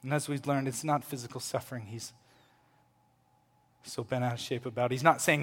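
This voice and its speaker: A man preaching a sermon, swinging between loud, impassioned proclamation and hushed, quiet lines. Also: mid-range voice, fairly even intonation, moderate pace, long pauses, slightly rough. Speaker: pastor. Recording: long hall reverb.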